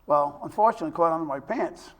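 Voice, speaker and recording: A man's voice: a little high, rapid-fire. An older man hosting a talk show interview, chatty and telling long personal stories. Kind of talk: casual interview chat.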